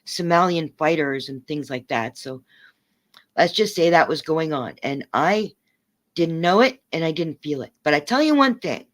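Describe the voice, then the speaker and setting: A woman's voice: deep voice, lively intonation, normal speed. A woman livestreaming, ranting angrily at her chat and swearing in a confrontational way.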